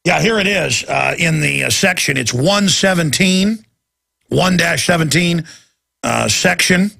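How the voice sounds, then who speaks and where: A man's voice: on the high side, animated, measured pace, gravelly, bright, forceful tone. A man hosting a talk radio show, delivering an intense, emphatic, ranting monologue into a studio microphone.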